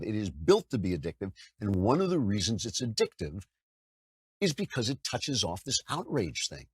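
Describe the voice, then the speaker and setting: A man's voice: mid-range voice, husky, no echo. An older man hosting a political commentary show, talking conversationally and slipping into mocking impressions. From United States. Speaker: podcast host.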